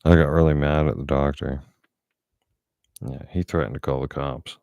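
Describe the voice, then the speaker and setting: A man's voice: very deep voice, fairly even intonation, normal speed, gravelly, a little mellow, dry recording, clean studio sound. A middle-aged man talking bluntly and profanely in a casual monologue. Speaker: vlogger.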